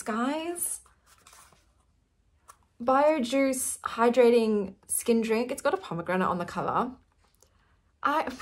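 Effusive Australian woman, slightly high voice. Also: a little hiss or hum. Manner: effusive and giggly, chatty. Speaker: vlogger. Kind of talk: casual chat to camera.

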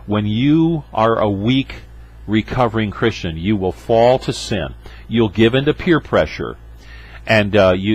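A man's voice: fairly low pitch, husky, poor audio. A man pastor preaching a sermon, emphatic, with rhetorical asides to his congregation.

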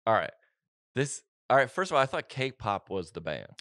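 A man's voice: mid-range voice, sing-song, moderate pace, fairly bright tone, dry recording, studio quality. Rambling joking male podcast host. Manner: rambling, joking, self-correcting. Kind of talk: casual comedic chat.

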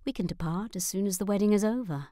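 A woman voicing a gentle but determined middle-aged mother in an audiobook, speaking calmly and firmly. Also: medium pitch, fast, no room sound, clean studio sound, natural voice. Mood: reassuring. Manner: calm, soothing, firm.

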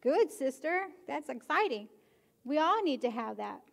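A woman pastor preaching a sermon, animated and emphatic, often pushing her questions to the congregation. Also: sits high, unhurried, gravelly. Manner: animated, rising to emphatic exhortation. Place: church sanctuary.

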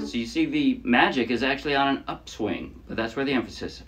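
A man with a brisk, mid-range voice teaches a casual ukulele lesson against loud music. Chatting as he goes, he explains chords and counts beats aloud over his loud playing.

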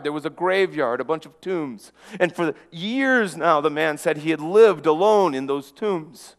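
A man preaching a dramatic first-person story, earnest, often dropping to a hush and repeating words as he goes. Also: sits high, long reverb tail. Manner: earnest, with frequent restarts and dramatic hushes.

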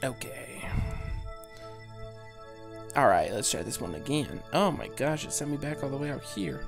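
A male gaming host with a medium-pitched, gravelly, sing-song voice keeps a measured pace while music plays underneath. Rambling and self-deprecating, he muddles through the gameplay and mutters sound effects to himself.

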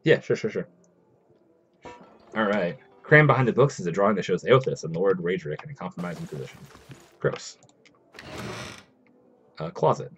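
A man with a very low voice chats casually to his viewers during a live game stream. He talks loosely and reads the game's text aloud as he goes. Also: lively intonation, moderate pace, pauses often, breathy edge, highs cut off, soft background music.

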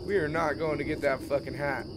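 A man's voice: on the high side, steady tone, fairly quick, heavy background noise. A man playing a horror game and commenting, swearing and trash-talking the game's characters. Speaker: gaming YouTuber. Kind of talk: let's play commentary.

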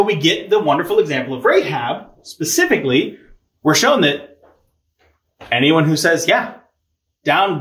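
A man giving a casual catechism lecture, conversational and animated, with playful asides and acted-out quotes. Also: on the high side. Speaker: catechism teacher. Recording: echoey room.

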